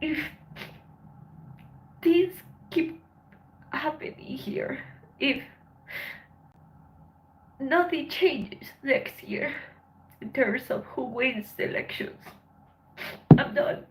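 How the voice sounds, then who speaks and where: A woman hosting a livestream, talking in a halting, emotional way with lots of swearing and a voice that breaks with tears. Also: high voice, expressive, a little hiss or hum, rough recording. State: tearful. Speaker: livestream host. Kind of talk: emotional casual livestream chat.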